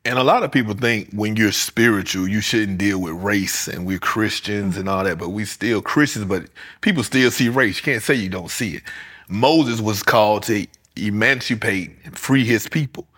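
A man from the United States with an African American English accent, hosting a podcast in casual interview chat and telling stories with animated, high-jumping delivery. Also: moderate pace. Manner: animated storyteller, pitch jumps high when acting out stories. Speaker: podcast host.

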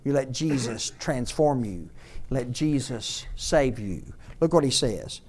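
A man preaching a sermon as pastor, repeating lines for emphasis and swinging from loud shouted peaks to soft storytelling. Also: medium pitch, lively intonation, slow, husky.

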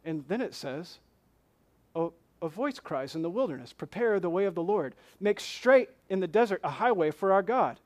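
A man's voice: high-pitched, expressive, moderate pace. A man, a pastor, preaching a sermon, reading scripture and asking questions with rising intensity.

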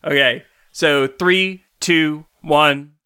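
A man's voice: on the high side, very slow, bright, forceful tone, clear, resonant tone, no room sound, clean studio sound. A man co-hosting a podcast in casual chat, often stammering and restarting his sentences. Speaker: podcast co-host.

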